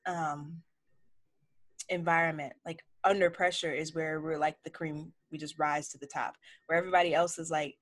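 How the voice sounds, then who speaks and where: A woman of forty, a chef, telling stories frankly in a casual interview and acting out what people said. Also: on the low side. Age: 40s. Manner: frank, animated storytelling with acted-out quotes. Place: home office lined with cookbooks.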